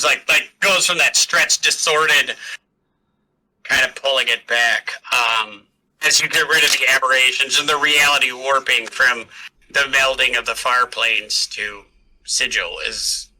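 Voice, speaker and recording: A man's voice: on the high side, bright, forceful tone, low-quality recording. A man narrating a tabletop game as game master, loose and chatty with frequent laughs.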